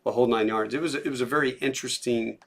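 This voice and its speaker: A man hosting a podcast, talking casually and pausing to search for words. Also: mid-range voice. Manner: relaxed, conversational, searching for words. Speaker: podcast host, military veteran. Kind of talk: casual chat.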